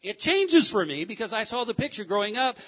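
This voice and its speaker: A male pastor delivers a sermon to his church, his voice unusually high and full of leaps in pitch. He moves from fervent, raised cries down to low, quiet asides and back again. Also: very animated, brisk. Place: church sanctuary.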